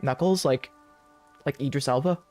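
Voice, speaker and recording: A man's voice: medium pitch, normal speed. A man co-hosting a casual game let's play, playful and laughing often. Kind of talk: casual gameplay chat. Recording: faint music and rain from the game.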